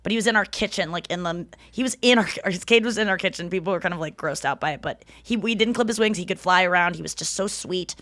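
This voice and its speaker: A woman's voice: lowish voice, quick pace, few pauses, a bit bright, no room sound. A woman hosting a podcast, telling crude, playful stories in casual chat. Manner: candid, crude, playful storytelling. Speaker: podcast host.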